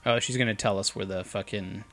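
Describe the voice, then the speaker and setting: Sarcastic guy gaming w friends, swears a lot, bright bouncy voice, faint game music behind. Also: on the low side, fairly even intonation, fairly quick. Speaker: game commentator. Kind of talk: casual let's-play banter.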